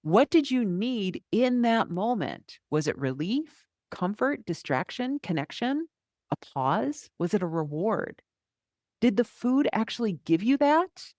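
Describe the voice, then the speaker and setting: A woman's voice: mid-range voice, sing-song, unhurried, a little mellow, no echo. Middle-aged woman, podcast host, health coach, candid and chatty, mid-range voice, dry close mic. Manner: candid, conversational, acts out inner thoughts. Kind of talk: solo podcast monologue.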